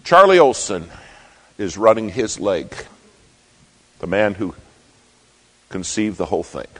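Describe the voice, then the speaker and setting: A man preaching, slowly and dramatically retelling a true story in a sermon. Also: on the low side, very animated, a bit bright, slightly rough, poor audio.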